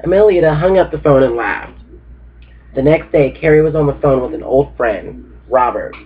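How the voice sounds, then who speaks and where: A man's voice: medium pitch, lively intonation, moderate pace. A man casually reading a book chapter aloud, laid-back and sleepy, just woken up. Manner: laid-back, reads with informal asides. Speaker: book reader. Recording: tinny phone-like recording.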